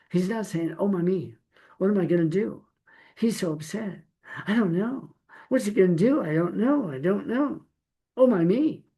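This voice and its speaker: A middle-aged man gives a Torah teaching in a relaxed sermon style, talking to his listeners as if face to face. His voice is warm and gravelly, set a little high for a man. He keeps it folksy, with playful asides and one rhetorical question after another. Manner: conversational preaching with rhetorical questions.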